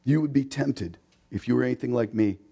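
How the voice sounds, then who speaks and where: A man's voice: medium pitch, fairly quick, vocal fry, dark tone, breathy edge. Man preaching with rhetorical questions. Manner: acts out quoted voices; emphatic repetition. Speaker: pastor. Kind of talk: sermon.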